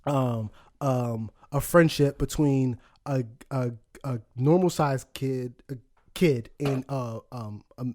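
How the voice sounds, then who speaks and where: In this casual chat, a podcast co-host in his thirties tells rambling stories full of swearing and laughter. He talks slowly, with a medium-pitched, slightly mellow voice.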